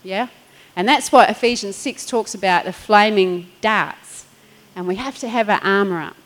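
A woman's voice: medium pitch, moderate pace, fairly bright tone, low-quality recording. A middle-aged woman pastor, preaching in a chatty storytelling way, laughing and acting out quotes. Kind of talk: sermon.

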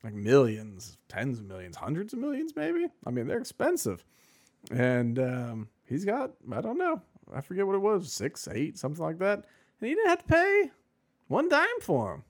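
A man's voice: on the high side, huge pitch swings, normal speed. A man co-hosting a podcast in casual chat, rambling and sarcastic with many fillers. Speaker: podcast co-host.

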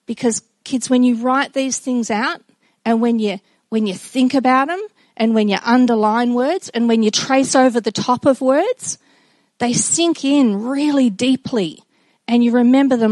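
A middle-aged woman giving a personal devotional talk to children and a congregation, earnest and reflective, with halting restarts. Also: on the high side, a little mellow, dry recording. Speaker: speaker addressing children and congregation.

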